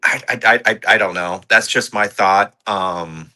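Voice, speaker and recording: A man's voice: lowish voice, unhurried, bright, forceful tone. A man co-hosting a casual movie review podcast, thinking aloud and trading theories. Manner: thoughtful, speculates about what comes next.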